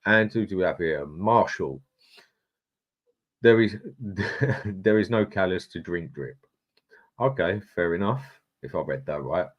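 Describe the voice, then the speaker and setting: Deep-voiced man, live-stream host, matey and chatty, greets viewers by name. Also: expressive, a little slow, pauses often, dull audio. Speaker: livestream host. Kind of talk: casual live chat, reading out viewer comments.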